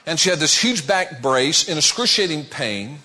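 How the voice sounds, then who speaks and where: Middle-aged guy preaching, bright ringing tone, tells his story big and dramatic, dips way low for effect. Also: animated, normal speed. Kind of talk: sermon testimony.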